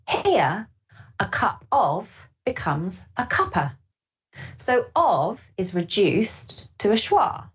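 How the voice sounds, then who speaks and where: Slow, lively-toned woman teaching pronunciation. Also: fairly low pitch. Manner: slow, clear, lively intonation with model phrases. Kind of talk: scripted teaching narration. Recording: slightly dull lo-fi audio.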